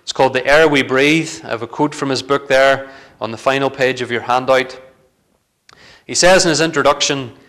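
A man's voice: medium pitch, fairly bright tone. A man preaching a sermon in a church, earnest and building to fervent emphasis.

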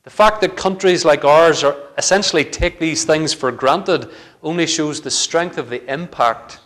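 Earnest male preacher, slightly high voice. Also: moderate pace, a bit bright. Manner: earnest, building to fervent emphasis. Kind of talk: sermon.

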